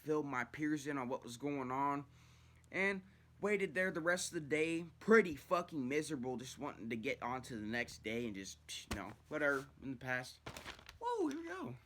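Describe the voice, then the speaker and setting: Young man, bright tone, profane, rambling, casual vlog storytelling. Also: medium pitch, normal speed, slight background noise. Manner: profane, rambling, animated retelling. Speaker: vlogger telling his own story.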